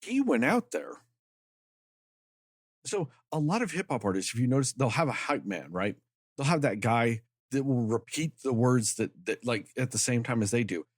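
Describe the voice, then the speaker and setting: A man's voice: medium pitch, big pitch swings, moderate pace, no echo, studio quality. A man co-hosting a podcast, ranting in a heated, emphatic way and swearing freely. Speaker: podcast co-host. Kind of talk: casual podcast chat.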